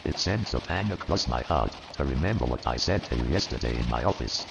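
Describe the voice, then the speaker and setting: A man playing an old miserly man turned joyful and repentant, with a gravelly voice and a theatrical, animated delivery in an audio drama. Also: brisk, noisy background, exaggerated voice. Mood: elated. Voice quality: gravelly, very deep. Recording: reverberant, dull lo-fi, faint music.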